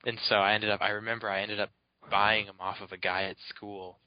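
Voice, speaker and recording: A man with a lowish voice chats casually on a podcast, rambling through an anecdote with frequent "like"s and chuckles. The recording is dry and slightly muffled, lo-fi in quality. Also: little pitch movement, brisk, no echo. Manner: rambling, many "like" fillers, laughs often. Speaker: podcast co-host. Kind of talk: casual chat, telling anecdotes.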